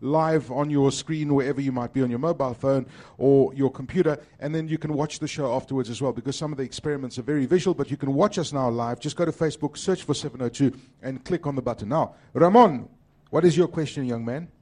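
A man's voice: medium pitch, fast talker, mellow. A man hosting a live radio science show, chatty and enthusiastic with the audience. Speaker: radio host.

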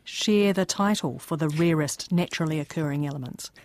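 A woman's voice: low voice, a little fast, a little mellow, no room sound. New woman co-hosting a podcast. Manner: friendly, curious, asks questions. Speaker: podcast co-host. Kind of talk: casual science chat.

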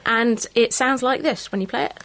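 A woman co-presents a live radio science programme in a brisk, friendly way. Her voice sits a little high, and the studio sound is close and dry. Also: fairly bright tone, dry recording. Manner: brisk and friendly reading of listener answers.

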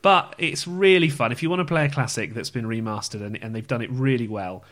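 A man's voice: mid-range voice, a little fast, fairly bright tone. Chatty man co-hosting. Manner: rambling, chatty, self-correcting. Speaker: podcast co-host. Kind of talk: casual chat.

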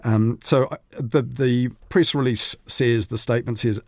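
A man's voice: medium pitch, steady tone, measured pace, dry recording. A man talking casually as a media commentator on a radio show, rambling a little with fillers and restarts. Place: radio studio. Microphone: studio mic.

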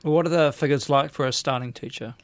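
Gentle interviewer asking short questions. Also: medium pitch, brisk, no echo. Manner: brief, gentle prompting questions.

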